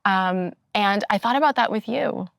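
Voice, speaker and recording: A woman's voice: mid-range voice, moderate pace, vocal fry, a bit bright, no room sound, clean studio sound. A woman hosting an interview show, talking in a reflective, personal way. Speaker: host. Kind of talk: conversational interview.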